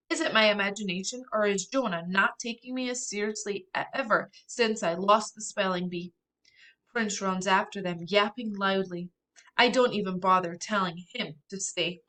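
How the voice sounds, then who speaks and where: A woman narrating a children's chapter book in a lively, expressive way with soft asides. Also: mid-range voice. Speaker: audiobook reader.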